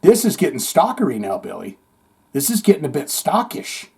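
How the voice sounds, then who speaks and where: Husky, high, lively man hosting news. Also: moderate pace. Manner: jokey asides, playful reading. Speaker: podcast host. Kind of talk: comedic news commentary.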